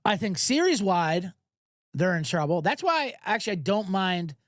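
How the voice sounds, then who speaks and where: A man hosting a sports betting podcast, talking casually in an animated, profane, rambling way. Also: high voice, normal speed, no room sound, clean studio sound.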